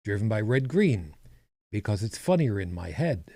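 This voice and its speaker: A man's voice: fairly low pitch, very animated, moderate pace, warm tone, no room sound. A man co-hosting a podcast, chatting casually with a rambling, self-correcting manner and dry humor. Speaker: podcast co-host. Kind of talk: casual chat.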